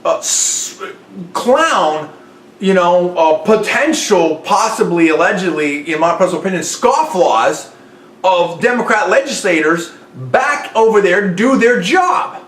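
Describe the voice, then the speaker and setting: An emphatic man hosts an opinion show and presses his points hard, returning to them again and again. His voice sits high for a man. The room around him rings with echo. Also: animated, unhurried, fairly bright tone. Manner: emphatic, repeats his points and keeps hedging with "personal opinion". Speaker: host of a political commentary show. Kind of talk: opinionated commentary. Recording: roomy echo.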